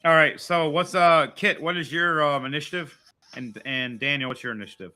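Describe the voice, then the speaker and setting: A man's voice: a little high, steady tone, brisk, bright, forceful tone, clear, resonant tone. A man running a tabletop role-playing game as game master, chatty and explaining the rules as he goes.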